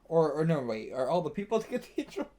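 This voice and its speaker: A man's voice: fairly high pitch, big pitch swings, quick pace, mellow. Laid-back man reacting live, chuckling. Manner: casual, thinks aloud, laughs often, swears. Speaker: manga reaction channel host. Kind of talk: live reaction while reading manga aloud.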